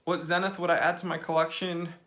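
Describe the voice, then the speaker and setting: A man's voice: a little high, level tone, a little fast, fairly bright tone. A young man hosting a casual live-stream Q&A from his phone, giving blunt, opinionated answers in slangy talk. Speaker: watch channel host.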